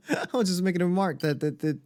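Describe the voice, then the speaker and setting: Male tabletop player, lively pitch, sarcastic, mock-formal in character. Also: fairly quick. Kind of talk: casual tabletop role-play.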